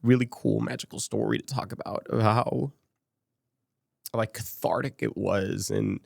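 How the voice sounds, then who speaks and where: This podcast guest from Las Vegas, USA, has a fairly low, gravelly, darkish voice and a measured pace. He recounts a candid personal story with quoted dialogue from past conversations, occasionally becoming emotional and choked up, in clean studio sound with no room tone.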